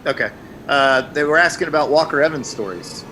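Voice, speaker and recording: A man co-hosting a race stream, chatty and quick to laugh and react. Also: on the high side. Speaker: co-host. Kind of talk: casual race stream banter. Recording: noisy stream audio.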